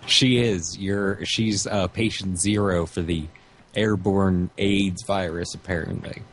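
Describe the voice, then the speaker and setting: Deep-voiced male co-host who trades crude banter in short, dry replies; faint background noise. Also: fairly even intonation, slow pace.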